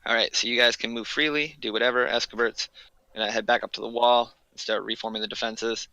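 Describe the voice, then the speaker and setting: Casual bright-voiced male game master. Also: medium pitch, steady tone, fast, dry recording, rough recording. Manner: casual, rambling, lots of fillers. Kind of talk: narrating a tabletop game.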